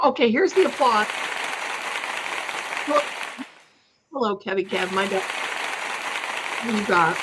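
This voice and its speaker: A woman's voice: fairly low pitch, fairly bright tone, husky, poor audio. An older woman hosting a live stream, chatting casually, telling a story and greeting viewers by name. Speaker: livestream host.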